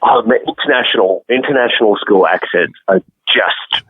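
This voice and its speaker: A musician being interviewed, chatting casually and rambling with many restarts. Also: male voice, on the low side, moderate pace, breathy edge, dry recording. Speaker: musician guest. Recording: tinny phone-like call audio.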